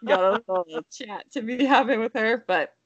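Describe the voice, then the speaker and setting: Laughing, animated woman in casual chat. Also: fairly high pitch, moderate pace, no echo, muffled recording. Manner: animated storytelling, laughs often, mimics a toddler's voice.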